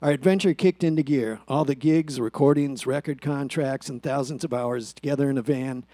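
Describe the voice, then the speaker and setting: A man, a former bandmate, reading a prepared memorial tribute in a steady, reflective way with dry humor. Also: mid-range voice, moderate pace, no room sound. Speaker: eulogy speaker, former bandmate.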